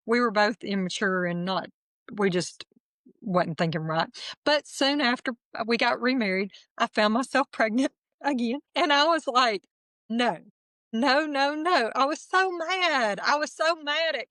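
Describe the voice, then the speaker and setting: A middle-aged woman, telling her testimony as an interview guest in earnest, halting storytelling with soft laughs. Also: medium pitch, dry recording, clean studio sound. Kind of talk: emotional personal testimony.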